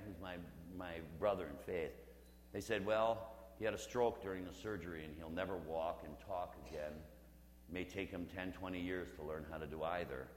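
A Catholic priest in his fifties preaches in a church with long, ringing reverb. He tells stories conversationally and with humor, sometimes dropping to a near-whisper for emphasis. A faint hum sits under his voice. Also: sits low. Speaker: Catholic priest leading a parish mission. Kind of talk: storytelling sermon.

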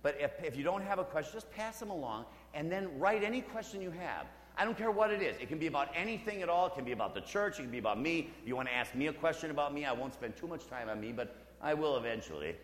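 A Catholic priest in his fifties giving a conversational, humorous storytelling sermon, dropping to a hush for emphasis. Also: a little high, expressive, quick pace, hardly any pauses. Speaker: Catholic priest leading a parish mission. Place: church. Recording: roomy church with long reverb.

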